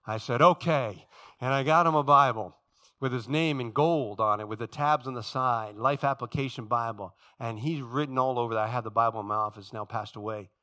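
Bright-voiced preaching pastor. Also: male voice, a little fast. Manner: swings from quiet and low to loud, high-pitched preaching; calls out to the congregation for responses. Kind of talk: sermon.

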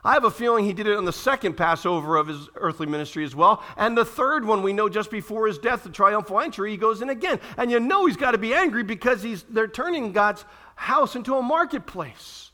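A man delivers a sermon in a church room, speaking in a high voice with a bright, forceful ring. He keeps his delivery animated and keeps turning questions back to the congregation. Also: a little fast, few pauses. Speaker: pastor.

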